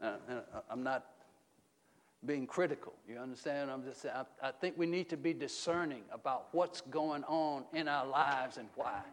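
This middle-aged man delivers a sermon at a moderate pace, moving between loud, emphatic highs and quiet, low passages. As pastor he preaches call-and-response style, often questioning the congregation.

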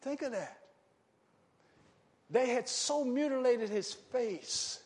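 High-voiced man preaching with call-and-response questions. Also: lively intonation, slow. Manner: keeps asking the congregation short questions; swings from loud shouting to quiet, low talk. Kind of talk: sermon.

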